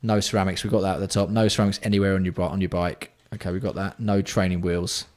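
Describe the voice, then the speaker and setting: A man hosting a casual livestream, bantering with chat and swearing freely while keeping his voice fairly hushed. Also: low-pitched, flat delivery, fast. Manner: banter-filled, sweary, reads out and answers chat. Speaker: livestream host.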